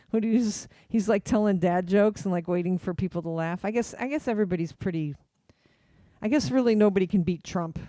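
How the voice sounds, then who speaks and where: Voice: mid-range voice, warm tone, no echo. A radio show host in a casual studio chat, rambling with many fillers and restarts, and now and then acting out quoted voices.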